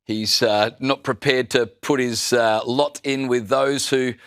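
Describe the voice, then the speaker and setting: A man weighs in as a panelist with a dry, sardonic edge. His voice is mid-pitched and sounds close and dead, with no room around it. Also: steady tone, slow, a bit bright, clear, resonant tone, no room sound. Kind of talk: panel discussion.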